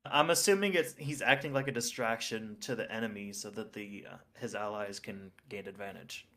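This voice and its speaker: A man playing a tabletop game, calmly explaining what his character does and how his ability works. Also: fairly low pitch, normal speed. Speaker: player. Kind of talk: casual game talk.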